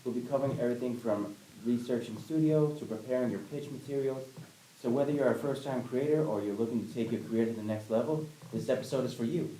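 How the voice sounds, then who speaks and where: A man hosting a casual group podcast about pitching shows, hesitant and full of fillers. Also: fast, warm tone, far from the mic. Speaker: podcast host. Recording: echoey room, faint hiss.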